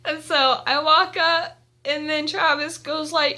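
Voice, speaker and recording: A young woman vlogging at home, telling an excited story with giggles and gushing fangirl energy. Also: high voice, unhurried. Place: indoors at home.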